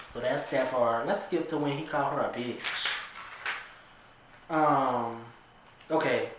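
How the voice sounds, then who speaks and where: A man's voice: medium pitch, slow pace, pauses often, a bit bright, slight background noise. Man casually reading a script aloud. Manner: amused, chatty asides. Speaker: vlogger. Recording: very echoey room.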